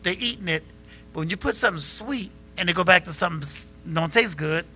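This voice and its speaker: Animated bright-voiced man hosting a talk show. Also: high voice, brisk, soft background music. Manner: animated storytelling, acts out quotes. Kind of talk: casual talk show chat.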